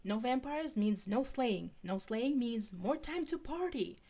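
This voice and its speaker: A woman's voice: a little high, animated, a little slow, warm tone, voice pushed up. A woman reading aloud voices a playful, joking teenage boy. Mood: teasing.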